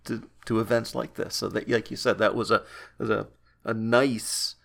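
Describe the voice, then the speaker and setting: A man co-hosting a podcast, calmly adding facts and affirming his co-host in casual chat. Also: on the low side, moderate pace, vocal fry. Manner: calm, adds facts and short affirmations. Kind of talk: casual chat recapping a convention.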